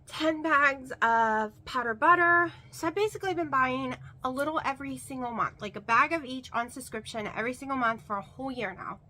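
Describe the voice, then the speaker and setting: A woman vlogger talks casually to the camera in a bright, forceful voice on the high side. She rambles and chats with many fillers, speaking emphatically and repeating words for stress.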